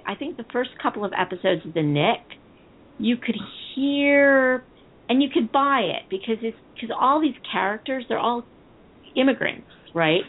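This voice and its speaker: A woman with a gravelly, mid-range voice co-hosts a TV discussion show, chatting casually and rambling as she reads listener comments aloud. The audio has a tinny, phone-line quality.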